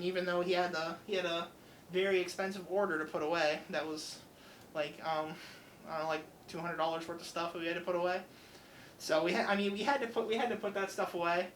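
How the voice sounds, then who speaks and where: A man's voice: sits high, a little hiss or hum, rough recording. A young man hosting student radio, animatedly retelling a story and acting out the dialogue. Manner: animated, acts out customer dialogue. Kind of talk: casual storytelling.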